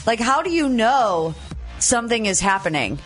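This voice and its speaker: A woman's voice: fairly high pitch, sing-song, moderate pace, faint music behind. A woman co-hosting a morning radio show in a studio, chatting casually, laughing easily and saying "like" a lot. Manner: chatty, laughs easily, uses 'like' often.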